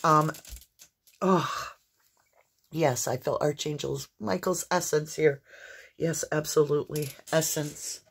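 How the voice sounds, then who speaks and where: A woman in the middle of a tarot reading, talking straight to her viewers. Her voice sits low with a breathy, husky grain, and she speaks slowly and earnestly, full of exclamations. Coughing fits keep breaking into her talk. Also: fairly even intonation. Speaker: tarot reader. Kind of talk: intuitive tarot reading monologue.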